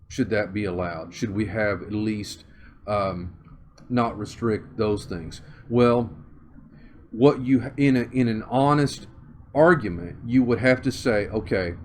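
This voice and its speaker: Southern male interviewee, low-pitched, measured, searching for words. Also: slight background noise. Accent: Southern US (Oklahoma). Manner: measured, thinks aloud with many fillers and restarts. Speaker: interview guest. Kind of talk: conversational interview.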